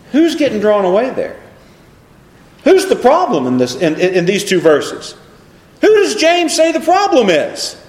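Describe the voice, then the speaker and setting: Sounding high-pitched in a roomy space, this male preacher reads from scripture during his sermon. His delivery is animated, full of rhetorical questions aimed at his listeners.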